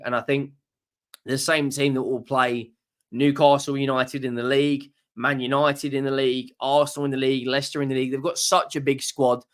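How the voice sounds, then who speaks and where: An enthusiastic young man talks through a match in a casual reaction video. He often repeats words and restarts his phrases as he speaks. His voice sits at an ordinary middle pitch. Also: fairly bright tone. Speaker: football channel host.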